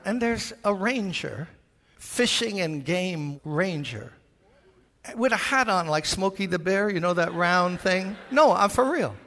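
An older pastor raised in Brooklyn, with a New York accent, tells an animated sermon story and slips into the voices of its characters. His voice is a bit high and gravelly, and the long reverb of a large church hall lingers on every word.

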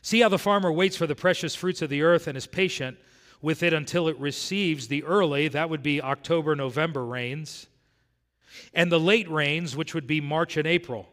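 A man from South Florida preaching a sermon verse by verse, moving between quiet and emphatic delivery. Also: fairly high pitch. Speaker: pastor. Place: church sanctuary. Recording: long hall reverb.

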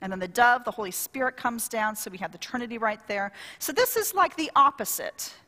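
Bright-voiced woman preaching in a reverberant hall. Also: a little high, fairly quick. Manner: lively, conversational preaching with call-and-response. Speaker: pastor. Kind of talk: sermon.

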